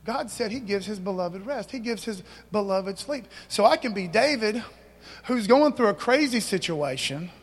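A man preaches to his congregation in an easy, conversational way, tossing out slang and asking the room questions. His voice sits high for a man. The sound rings out in a church hall with a long, trailing reverb. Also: expressive, moderate pace, husky. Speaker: pastor. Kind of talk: sermon.

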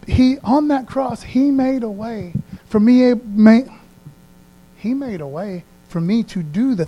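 A pastor delivering a sermon in a relaxed, conversational tone. His voice sits noticeably high for a man. He speaks earnestly and keeps asking his listeners to agree. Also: low-quality recording. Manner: informal and earnest, asks the congregation for agreement.

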